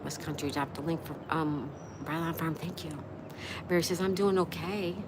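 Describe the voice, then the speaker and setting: A woman's voice: low-pitched, steady tone, moderate pace, background noise. A woman hosting a casual livestream, reading viewers' comments aloud in a chatty, friendly manner. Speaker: livestream host reading chat.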